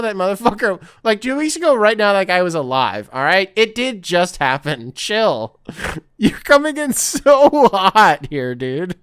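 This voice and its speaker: A man's voice: high voice, fairly bright tone, smooth, no echo, studio quality. A man hosting a casual sports podcast, reading out a listener's email and breaking off often to laugh, riff and swear. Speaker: podcast host.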